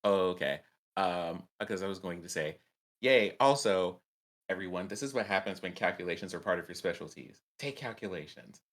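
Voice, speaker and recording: Low-voiced man pondering his game move. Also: lively intonation, normal speed, a bit bright. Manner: hesitant, many ums. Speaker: player. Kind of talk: tabletop game play.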